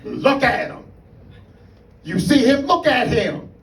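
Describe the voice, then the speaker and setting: Stand-up bit, male comic voicing a loud mocking street heckler, way up in pitch, heard from a distance. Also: wildly swooping pitch, slow, vocal fry, heavily acted. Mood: jeering. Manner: shouting, jeering, drawn out. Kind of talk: stand-up comedy. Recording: roomy live room, mic far off, background noise.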